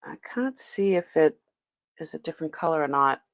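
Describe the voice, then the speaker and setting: A woman's voice: low-pitched, lively intonation, moderate pace, dry recording. A woman hosting a live-stream sale, chatting as she unboxes and tests items, exclaiming often and laughing as she goes.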